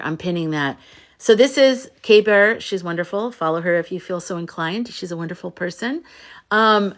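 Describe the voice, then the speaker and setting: Animated, rambling woman livestreaming. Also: lowish voice, normal speed. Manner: animated, rambling, playful and swearing. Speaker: livestream host, spiritual coach. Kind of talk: casual livestream chat to viewers.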